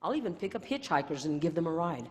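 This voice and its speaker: A woman from South Texas giving a contest speech as a playful, animated storyteller over a video call. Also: sits low, quick pace, long reverb tail, a little hiss or hum. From South Texas, USA. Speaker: contest speaker. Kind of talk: competition speech.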